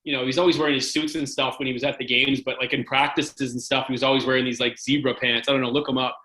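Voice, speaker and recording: Interview guest: man, 40s, from Canada, bright and rambling, fillers everywhere. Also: medium pitch, flat delivery, quick pace, poor audio. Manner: rambling, lots of "like" and "right?". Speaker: podcast guest, former hockey goalie. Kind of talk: casual interview storytelling.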